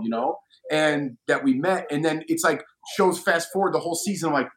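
A man chatting casually as a guest, an animated storyteller who acts out quotes. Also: on the high side, a little fast, hardly any pauses. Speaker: reality show alum guest. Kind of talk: casual chat.

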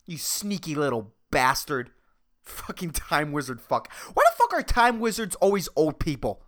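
A woman's voice: low voice, very animated, normal speed. A woman hosting her own podcast, ranting profanely and exasperatedly in a rambling, comedic solo monologue. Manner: rambling, with restarts and filler. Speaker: podcast host.

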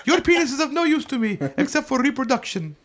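A man playing a proud warrior woman who speaks in a pushed-up, thin high voice. Her delivery is stiff and mock-grand, with a put-on foreign lilt. It is a comic impression tossed into a casual podcast conversation. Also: animated, fast, a bit bright, a little hiss or hum. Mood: haughty.

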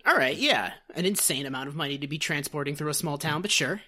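Animated, sarcastic woman podcast co-host. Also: low voice, quick pace. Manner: sarcastic, profane, animated commentary. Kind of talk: casual episode recap chat.

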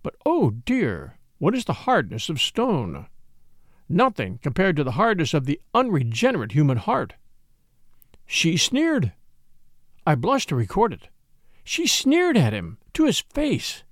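A man reading an audiobook as narrator, in an expressive, theatrical manner. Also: fairly high pitch, unhurried, no room sound, studio quality. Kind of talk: scripted narration.

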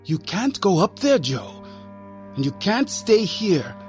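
A man voicing a gentle, chatty young nun who speaks in a bright, coaxing way in a storybook reading. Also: high voice, big pitch swings, takes it slowly, soft background music, pitched above the performer's own voice, exaggerated voice.

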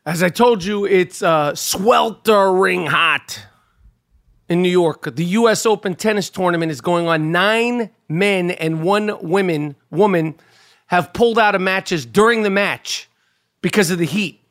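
High-voiced, profane man rambling solo. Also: unhurried, a bit bright. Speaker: podcast host. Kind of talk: casual monologue. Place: New York.

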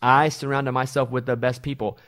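A middle-aged man hosting a radio show, telling stories in a loose, animated way. He slips into other people's voices when he quotes them, in a middle-range pitch. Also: a little fast. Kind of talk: casual chat.

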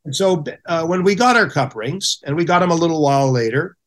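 A man's voice: on the high side, brisk. A middle-aged man, a former hockey goaltender, telling stories as a podcast guest and acting out the people he quotes. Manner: animated storyteller who acts out quotes. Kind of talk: casual storytelling.

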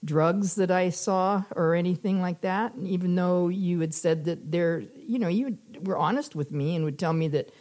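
An older woman, a grandmother, chatting casually with her adult son about his teenage years, rambling with many fillers and soft laughs. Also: fairly low pitch, moderate pace, few pauses. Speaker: interviewee, mother of the host. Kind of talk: casual conversation.

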